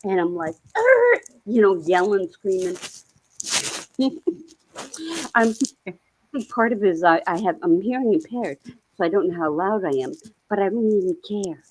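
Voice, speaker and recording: A woman on a video call, chatting casually and telling rambling, animated stories. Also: mid-range voice, normal speed, a little hiss or hum, poor audio. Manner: rambling, animated storytelling with laughs. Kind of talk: casual chat.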